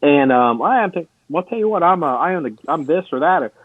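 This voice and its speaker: A man's voice: on the high side, animated, quick pace, no room sound, narrow, tinny audio. A man co-hosting a podcast, telling long rambling stories in casual chat with many restarts and some swearing. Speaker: podcast co-host.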